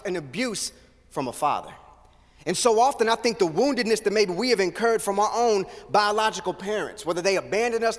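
A man's voice: high-pitched, fairly bright tone. A male pastor preaching a sermon into a handheld mic, earnest and mixing scripture with casual slang. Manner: earnest, conversational slang storytelling. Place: church sanctuary. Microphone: handheld microphone. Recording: long hall reverb.

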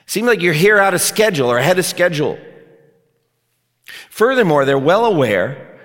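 A man's voice: high voice, big pitch swings, normal speed, long pauses, fairly bright tone. A pastor preaching a sermon in a church, stressing his points and reading scripture passages aloud. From United States. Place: church sanctuary. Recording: long reverb of a large hall.

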